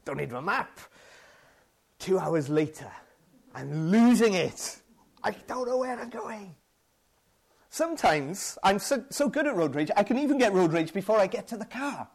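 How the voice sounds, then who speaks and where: A man's voice: sits high, very animated, normal speed, a little mellow, slightly rough. A man with a British accent preaching a sermon, conversational and self-deprecating, acting out his own frustrated outbursts.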